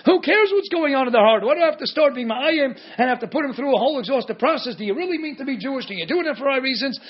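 High-voiced man giving a Talmud lecture. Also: lively intonation, fast, highs cut off. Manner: asks and answers rhetorical questions; mixes Hebrew and Aramaic terms into English. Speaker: Torah teacher.

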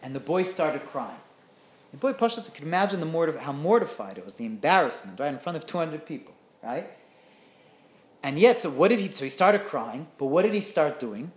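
A woman teaching through a story in an animated way, often checking in with her listeners. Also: sits low, brisk. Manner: animated, often asks "right?". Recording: roomy echo.

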